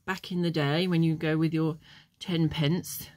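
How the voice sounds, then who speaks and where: A woman's voice: deep voice, fairly even intonation, measured pace, a little mellow, no room sound. A woman chatting casually as she tastes and reviews chocolates, wandering off into memories with plenty of ums. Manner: chatty, meandering, many ums. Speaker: vlogger.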